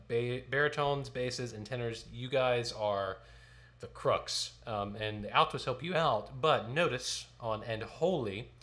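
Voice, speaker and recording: A choir director leads a sectional rehearsal, counting in, singing short phrases and patiently explaining notes. His voice is mid-range and fairly bright.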